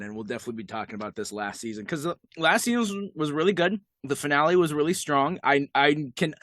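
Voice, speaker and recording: A man's voice: on the high side, no room sound. Chatty man with a dry close sound. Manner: enthusiastic, chatty, quick asides. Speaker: podcast co-host. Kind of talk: casual chat. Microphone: video call.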